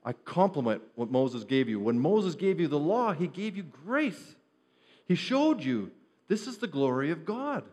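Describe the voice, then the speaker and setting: A man's voice: fairly high pitch, big pitch swings, measured pace, a little mellow. A man preaching an earnest sermon to his congregation, shifting his pace and stress as he teaches from Scripture. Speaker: pastor.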